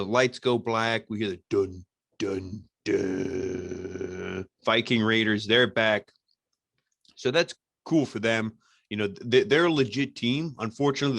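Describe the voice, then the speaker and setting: A man's voice: lowish voice, fairly bright tone, no room sound. A man reviewing a wrestling show in a casual recap, talking conversationally with lots of filler phrases. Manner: conversational, many "you know" fillers.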